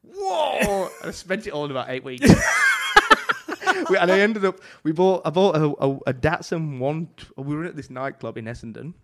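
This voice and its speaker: A man's voice: a little high, normal speed. Man telling salty stories. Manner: animated anecdotes with frequent swearing and restarts. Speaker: chef and author, podcast guest. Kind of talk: casual storytelling chat.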